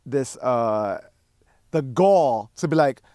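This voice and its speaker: A man's voice: medium pitch, lively intonation, takes it slowly, warm tone, no room sound, clean studio sound. A man hosting a chat show, talking in a loose, profane way with restarts and trailing phrases. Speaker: podcast host. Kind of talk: casual chat.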